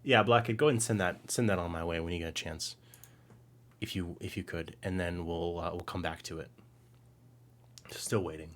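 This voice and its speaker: A man co-hosting a live stream, chatting casually and excitedly, reading out viewer comments and rambling. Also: low-pitched, moderate pace, pauses often. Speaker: co-host.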